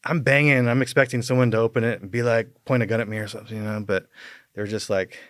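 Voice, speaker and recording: A man's voice: medium pitch, steady tone, quick pace, a bit bright, clean tone, no echo, studio quality. A man, a podcast guest, telling a long personal story in casual talk, rambling with many fillers and chuckling as he goes.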